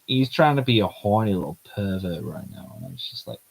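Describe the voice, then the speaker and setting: A man's voice: deep voice, very animated, a little slow, gravelly, pauses often, breathy edge, rough recording. A man streaming himself reading a manga aloud, chatty and giggly, in casual commentary.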